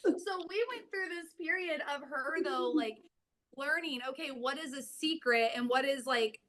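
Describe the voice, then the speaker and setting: A woman in her thirties, a mother and podcast guest, telling stories in a casual chat, animated and chuckling as she talks. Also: sits high, moderate pace. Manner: animated storyteller, chuckles mid-sentence.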